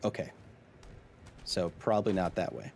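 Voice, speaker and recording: Animated man chatting while gaming. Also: sits low, normal speed, creaky, slight background noise. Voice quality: animated, jokey, talks to chat. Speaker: gaming streamer. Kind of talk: casual live-stream chatter.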